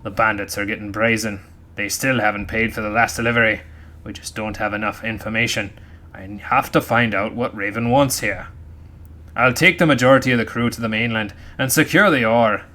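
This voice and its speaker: A man's voice: fairly low pitch, fairly even intonation, brisk. A man putting on a pirate voice to read a grumbling pirate captain's logbook aloud. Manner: loud, growling pirate voice. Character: grumbling male pirate captain writing his log.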